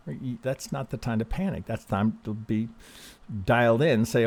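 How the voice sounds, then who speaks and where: A man hosting casual chart analysis, speaking in a calm, reassuring way, often restarting sentences and checking in with "right?". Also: mid-range voice, normal speed. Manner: conversational, frequent restarts, ends thoughts with "right?". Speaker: trading analyst host.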